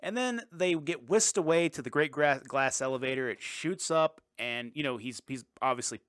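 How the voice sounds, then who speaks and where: Brief: male podcast co-host, mid pitch, casual and profane, rambling recap, dead-dry sound. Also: moderate pace, fairly bright tone, clean tone, no echo. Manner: rambling, profane, filler-heavy retelling. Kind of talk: casual movie-recap chat.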